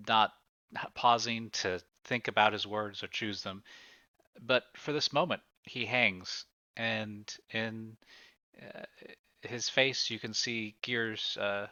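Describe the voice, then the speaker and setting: A man narrating as game master of a tabletop game, halting and searching for his words. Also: fairly low pitch, bright, forceful tone, no room sound. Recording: slightly muffled, dry recording.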